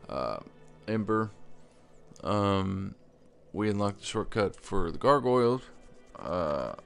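Low, gravelly man rambling over gameplay. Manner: rambling, full of fillers and restarts; stutters while explaining. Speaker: let's play gamer. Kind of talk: casual gameplay commentary.

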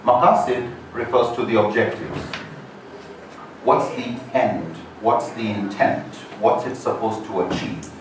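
Male lecturer, lowish voice, measured and explanatory, recorded from far off in a reverberant hall. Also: noisy background. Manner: measured, explanatory, rhetorical questions. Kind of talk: introductory lecture. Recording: echoey hall, mic far off.

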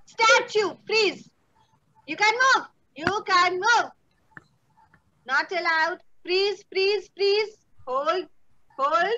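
A woman's voice: very high voice, extremely slow, long pauses, sharp tone, lo-fi sound. A young woman leading an online children's drama class over a video call, playful and coaxing, using endearments. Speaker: theatre workshop instructor.

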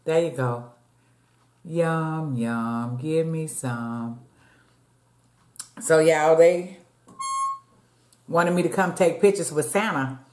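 Slow, low-voiced woman chatting while eating. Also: a little mellow. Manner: chatty, addresses viewers as y'all, eats between lines. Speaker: mukbang vlogger. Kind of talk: casual eating-show chat. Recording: echoey room.

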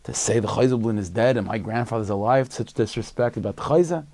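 A proud old chassid bristles at being slighted , in a man's storytelling voice. The voice is low and gravelly, the tone offended and complaining. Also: fast talker, darkish tone, dry recording. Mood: indignant.

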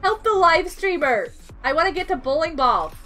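Streamer: high, bright, lively woman, giggly and excitable, game music underneath. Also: moderate pace. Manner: excitable, giggly, talks to chat. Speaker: live streamer. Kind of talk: casual gaming live stream chat.

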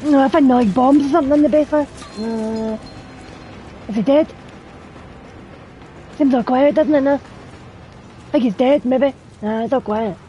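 A woman plays a game live and keeps up a running stream of startled remarks and swearing. Her voice is mellow and a little high, with faint noise underneath. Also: unhurried, long pauses, rough recording. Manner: swears a lot, startled exclamations. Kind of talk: casual gameplay commentary.

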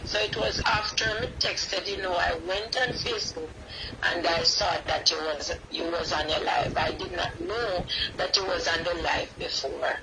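A woman with a Jamaican accent calling in, speaking hesitantly and apologetically with many pauses. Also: on the low side, steady tone, loud music behind the voice, poor audio. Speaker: caller.

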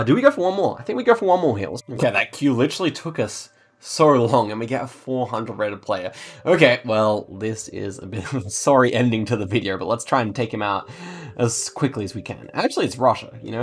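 A man's voice: mid-range voice, expressive, fairly quick, breathy edge. A man hosting a gaming channel, giving chatty think-aloud commentary on his gameplay and talking straight to his viewers.

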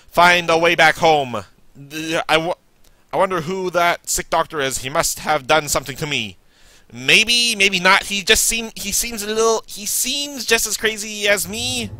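A man giving chatty gameplay commentary, joking back at the game and yelling in panicked bursts when he is attacked. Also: sits high. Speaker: let's play gamer.

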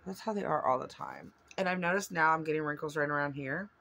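A woman's voice: sits low, fast, creaky, a bit bright, a little hiss or hum. A woman vlogger chatting casually while unboxing gifts at home, rambling and gushing with lots of fillers.

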